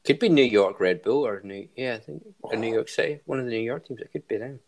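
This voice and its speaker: A man's voice: medium pitch, fast, darkish tone. A man hosting a casual podcast chat, running a quiz in an upbeat way. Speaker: podcast host.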